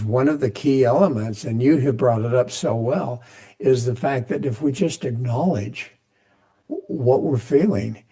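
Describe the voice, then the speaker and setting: A middle-aged man hosting a podcast interview, with a gravelly, creaky edge to his voice. His pitch sits at an ordinary middle range. He talks in affirming stops and starts, often repeating a word before going on. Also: warm tone. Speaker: podcast host.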